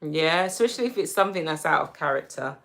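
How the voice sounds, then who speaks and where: A woman with a London accent hosting a casual livestream, reading viewer comments aloud and answering them gently and reassuringly. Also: low-pitched, animated, fast talker. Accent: London English. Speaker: livestream host.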